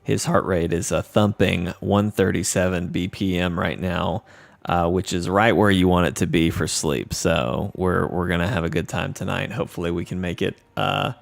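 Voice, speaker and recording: A man's voice: sits low, fairly even intonation, normal speed, gravelly, dry recording. A man hosting a casual gaming livestream, upbeat and joking as he reads the chat aloud. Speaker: stream host.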